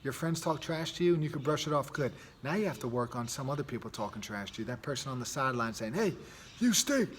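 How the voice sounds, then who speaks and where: A man's voice: mid-range voice, fast talker, few pauses, a bit bright, a little hiss or hum. A man hosting a podcast and coaching youth sports. He talks earnestly in a loose, casual monologue, restarting sentences and adding "right?" often.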